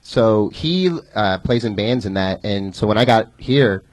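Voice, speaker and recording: A man in his thirties, a stand-up guest, chatting on a comedy club stage in a halting, easygoing way. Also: on the low side, no echo, rough recording. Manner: halting, stumbles and restarts, easygoing. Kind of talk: casual stage chat.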